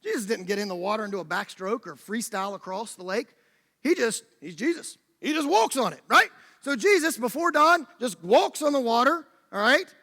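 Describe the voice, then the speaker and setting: A man preaching a sermon in a church, telling the story with animated, acted-out energy. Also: very high-pitched, normal speed. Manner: animated storytelling, acting out the scene. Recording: long church reverb.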